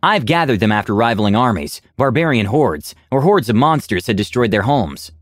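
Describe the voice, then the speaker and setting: A man voicing a calm, cold-eyed gentleman lizardfolk with a silky, measured voice. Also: mid-range voice, no room sound, studio quality, natural voice. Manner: measured, quietly menacing.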